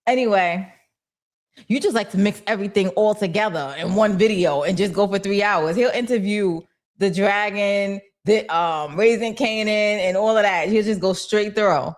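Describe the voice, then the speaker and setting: Animated woman chatting on a livestream. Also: mid-range voice, moderate pace. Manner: animated and slangy, talks back to chat. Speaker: host of a TV recap livestream. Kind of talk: casual livestream chat reading viewer comments.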